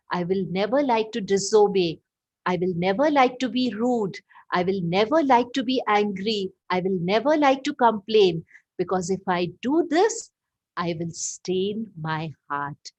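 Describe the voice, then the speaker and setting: An earnest little boy speaks gently and deliberately, voiced by a woman telling a story. His words come slowly and evenly at a middle pitch. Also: lively intonation, lo-fi sound.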